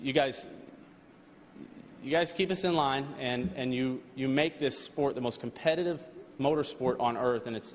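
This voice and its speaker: A man, a race car driver, giving an earnest, halting thank-you speech at an awards banquet. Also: mid-range voice. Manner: earnest, halting, with frequent restarts and fillers. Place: large banquet hall. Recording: long hall reverb, faint background noise.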